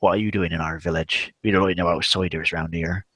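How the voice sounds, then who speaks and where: A man voicing a gruff old farmer with a broad West Country accent, suspicious of outsiders. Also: low voice, steady tone, fast, a bit bright, no room sound, clean studio sound, voice pushed down.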